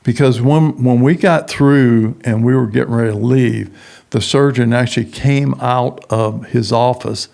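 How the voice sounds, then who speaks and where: A middle-aged man with a gravelly, fry-edged voice tells a personal story as a podcast guest. He talks in an animated way and acts out the doctors, nurses and others he quotes. His pitch sits in the middle for a man. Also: measured pace. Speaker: guest, prison ministry founder.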